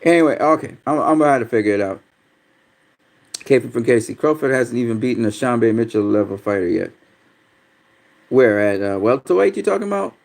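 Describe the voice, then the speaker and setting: Profane gravelly-voiced man ranting. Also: medium pitch, expressive, brisk, long pauses, darkish tone. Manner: profane, blunt and easily frustrated. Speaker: livestream host. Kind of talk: casual livestream chat about boxing, reading viewer comments.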